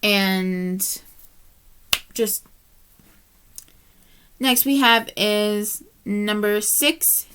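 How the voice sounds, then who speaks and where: A woman's voice: mid-range voice, drawn-out words, pauses often, fairly bright tone, a little hiss or hum. A woman reviewing books in a casual vlog, chatty and heartfelt, tired and yawning as she rambles. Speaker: book reviewer.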